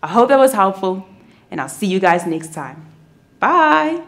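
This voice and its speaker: A young woman teaches children's church through a Bible story. Her voice is expressive and animated, sliding widely up and down. The delivery is friendly and aimed squarely at small children. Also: mid-range voice, a little slow. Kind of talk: kids' Bible story narration.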